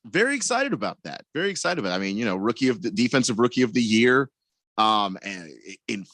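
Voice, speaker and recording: A man co-hosting sports radio with a mid-pitched voice and a dry, close studio sound. He talks through players casually and earnestly. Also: very animated, fast talker, a bit bright, no echo.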